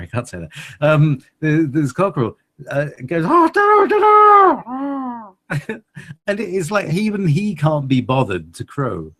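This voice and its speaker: A man cohosting a relaxed conversation, talking in long, meandering stretches full of hesitations. His pitch moves a lot, and his voice carries a slight husk. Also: slightly rough. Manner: rambling, hesitant, laughs often. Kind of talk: casual chat.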